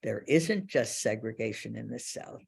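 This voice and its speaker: A woman quoting a calm, measured older male leader in a low, hushed, confiding delivery. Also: vocal fry, breathy edge, full character voice.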